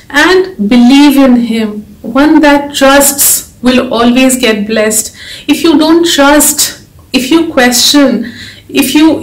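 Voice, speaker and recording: A woman giving an earnest, emotional devotional talk, urging her listeners to keep faith. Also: high voice. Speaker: devotional speaker and author. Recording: echoey room.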